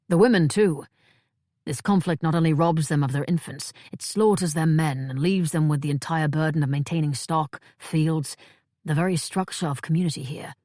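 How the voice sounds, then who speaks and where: A woman voicing a wise, calm male monk in an audiobook, speaking in a measured, solemn way. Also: sits low, dry recording, clean studio sound, close to an everyday voice. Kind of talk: audiobook character voice.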